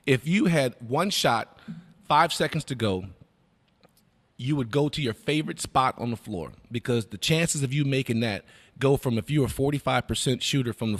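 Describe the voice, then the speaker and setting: A radio basketball analyst breaks down guards' play on sports radio and tells lively stories from his playing days, acting out what coaches and teammates said. He is an animated storyteller with a mid-range voice, heard in a big-room sound.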